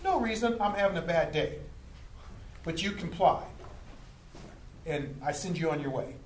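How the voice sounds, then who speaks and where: A fairly high-voiced man, a police lieutenant, lays out how stops and complaints work, jumping into little acted scenes along the way. His voice rings around an echoey room with a faint hiss underneath. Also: moderate pace. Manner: animated, acts out street scenes. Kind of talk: explaining to a group.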